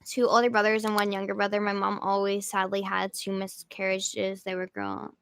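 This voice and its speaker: A woman's voice: medium pitch, normal speed, a bit bright, clear, resonant tone, dry recording. A young woman hosting a casual livestream, chatting and rambling with jokey asides as she reads viewer comments. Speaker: livestream host.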